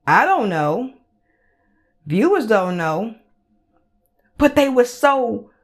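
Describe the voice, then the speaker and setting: Heated, profane woman podcast host. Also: a little high. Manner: heated, blunt and profane, repeats phrases for emphasis. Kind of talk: solo commentary rant.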